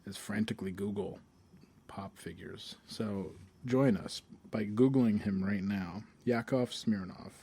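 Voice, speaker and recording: A man's voice: on the low side, a little slow, dark tone, breathy edge. A man co-hosting a podcast, chatting casually in a wry, joking way and laughing often. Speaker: podcast co-host. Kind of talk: casual chat.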